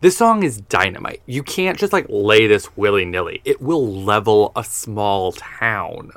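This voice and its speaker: A man co-hosting a podcast in casual chat, gushing and animated, with lots of "like". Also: lowish voice, unhurried, dry recording. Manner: gushing, animated, says "like" often. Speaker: podcast co-host.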